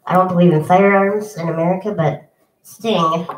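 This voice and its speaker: A woman's voice: fairly low pitch, steady tone, normal speed. A young woman musician chatting casually between songs at a home concert, with lots of ums and self-deprecating asides. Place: home, indoors. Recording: echoey room, from a distance.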